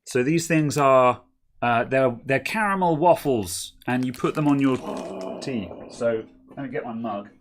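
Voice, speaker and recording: A man's voice: mid-range voice, measured pace. A man co-hosting a casual tech stream, chatting and rambling while testing hardware, often correcting himself and laughing easily. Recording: faint crackling noise.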